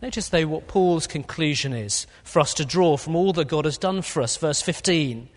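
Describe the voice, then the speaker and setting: A man's voice: on the high side, expressive, moderate pace. Man preaching in a reverberant church. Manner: earnest expository preaching with a few fillers. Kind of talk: sermon. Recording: long hall reverb.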